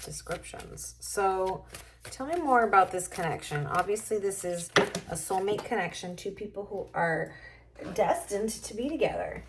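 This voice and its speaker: A woman's voice: mid-range voice, expressive, moderate pace, noisy background. A woman doing a casual tarot reading to camera, musing and thinking aloud as she turns cards. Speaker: tarot reader.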